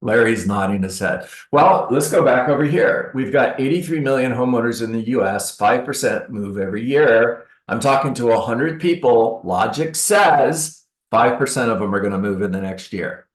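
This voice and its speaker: A reverberant training room carries the mid-range voice of a real estate coach talking at a moderate pace. He's animated with his live audience, dramatizing sales calls and dropping sarcastic side comments.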